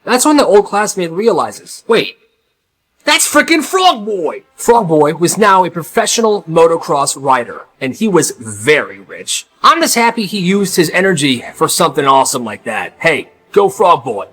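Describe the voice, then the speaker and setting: A young man in casual, animated storytime narration who laughs and acts out voices. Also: a little high, moderate pace, hardly any pauses, husky, faint music behind.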